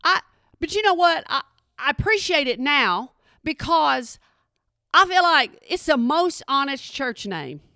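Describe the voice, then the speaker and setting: A woman's voice: sits high, sharp tone, no room sound, studio quality. A woman from Texas with a Texan accent, telling a chatty story and asking again and again if you hear her. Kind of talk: storytelling monologue.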